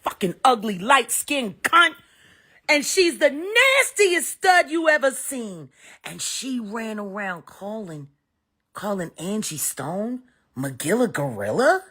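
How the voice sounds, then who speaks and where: Profane woman ranting with lively pitch. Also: takes it slowly, slightly rough. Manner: profane, cutting, swings between shouting and weary muttering. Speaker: live stream commentator. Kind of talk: heated live rant.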